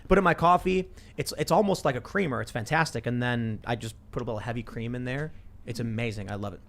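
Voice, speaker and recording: A man hosts a studio talk show in a loose, rambling way, often restarting and repeating words. His voice sits at an everyday middle pitch. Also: quick pace, creaky. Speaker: show host. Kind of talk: casual political talk show banter. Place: podcast studio.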